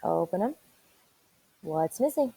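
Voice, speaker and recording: A woman teacher leading an online reading lesson for young children, spelling words out slowly and encouraging them. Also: lowish voice, sing-song, vocal fry, warm tone, slightly rough, no room sound, rough recording. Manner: encouraging, slow and deliberate spelling aloud.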